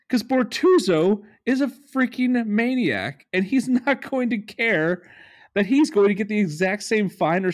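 A man co-hosting a casual sports podcast and working himself into a rant. His voice swings widely in pitch as he gets fired up. He curses freely. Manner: animated, ranting, swears freely. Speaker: podcast co-host.

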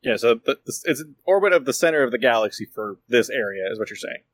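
A man's voice: medium pitch, lively intonation, quick pace. A man playing a tabletop game as a ship's captain, asking questions and thinking aloud. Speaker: player, ship captain. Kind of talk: casual tabletop game play.

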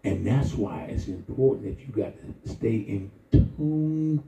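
Older male pastor, expressive swings in pitch, mellow dark voice, recorded from a distance. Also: takes it slowly, creaky. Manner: animated colloquial preaching with sudden high-pitched exclamations. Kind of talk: sermon. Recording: echoey, distant, dull sound.

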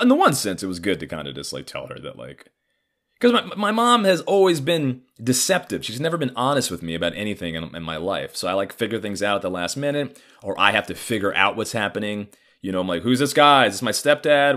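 Man, 30s, lowish voice, lively pitch, profane casual storyteller. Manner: profane, animated, frequent fillers.

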